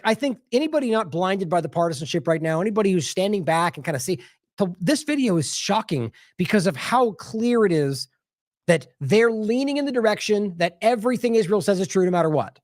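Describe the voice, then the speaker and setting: A man's voice: sits high, animated, fairly quick, no room sound, clean studio sound. A man giving casual independent news commentary, indignant and talking straight to his viewers while he reacts to social media posts.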